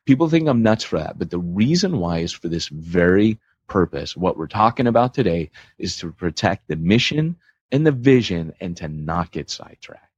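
American man, podcast co-host, husky low voice, dry muffled sound, chatty, joking. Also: normal speed, no room sound. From United States. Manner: animated, joking, restarts a lot. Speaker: podcast co-host, church planter. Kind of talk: casual podcast chat.

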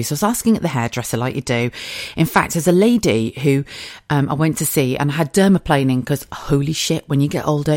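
A woman, talking in a low voice as a podcast host. She is candid and chatty, swears freely and slips into little acted-out quotes. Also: darkish tone. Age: 40s. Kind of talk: casual chat.

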